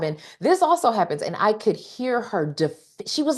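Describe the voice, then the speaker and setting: A woman's voice: mid-range voice, very animated, normal speed, few pauses. A woman leading a live online coaching session, speaking straight to her audience with emphatic repetition and frequent "okay?" check-ins. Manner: emphatic, repeats key phrases, checks in with "okay?"; talks directly to the audience. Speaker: workshop speaker.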